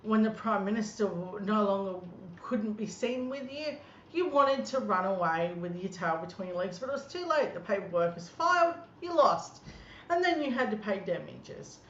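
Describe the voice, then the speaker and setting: A woman's voice: mid-range voice, expressive, normal speed, a bit bright. Angry woman ranting, echoey room. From Australia. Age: 30s. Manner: angry, scornful, blunt. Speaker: political commentator. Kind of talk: ranting political commentary. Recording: echoey room, dull lo-fi sound, faint noise.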